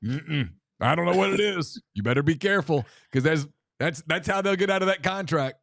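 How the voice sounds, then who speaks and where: A man's voice: a little high, expressive, a little fast, fairly bright tone, no echo, clean studio sound. A man from Louisiana co-hosting a sports talk show, insistent and emphatic, repeating himself to drive a point home. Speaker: co-host.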